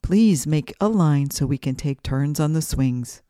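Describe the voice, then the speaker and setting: A woman voicing a harried male snake teacher in a children's storybook, speaking calmly and pleadingly. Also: low-pitched, unhurried, dry recording, studio quality.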